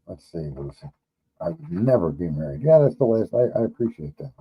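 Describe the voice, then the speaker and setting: A man's voice: deep voice, big pitch swings, moderate pace, slightly rough, highs cut off. Blunt, profane New man. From New York. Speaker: livestream host. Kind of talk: casual livestream chat.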